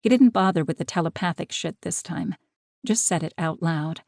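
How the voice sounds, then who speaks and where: A woman reading a first-person romance audiobook in an even, measured way. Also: fairly low pitch, vocal fry, no echo, clean studio sound. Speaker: audiobook narrator.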